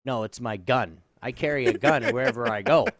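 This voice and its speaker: A man in his thirties co-hosting a casual podcast, with a fairly high voice that swings up and down as he tells a story. He swears freely and laughs often. The sound is close and dry. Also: huge pitch swings, fairly quick, vocal fry, no echo. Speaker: podcast co-host. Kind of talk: casual comedic podcast chat.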